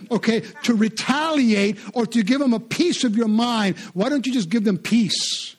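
A male pastor with a fairly high, husky voice delivers a sermon. He speaks in an animated, conversational way and repeats words for emphasis. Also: fairly quick, few pauses. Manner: animated preaching, repetitive and conversational.

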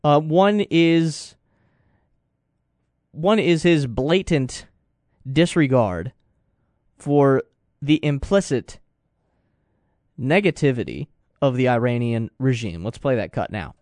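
A man's voice: medium pitch, animated, slow, pauses often, darkish tone, no echo, studio quality. A man hosting a talk radio show, giving impassioned political commentary that rises to indignant outbursts. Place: radio studio.

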